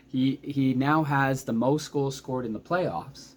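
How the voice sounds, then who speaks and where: A man in his thirties giving a casual, excitable recap of a hockey game as a vlogger, chatty and often losing his thread. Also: medium pitch, slow pace, few pauses. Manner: excitable, chatty, loses track mid-sentence.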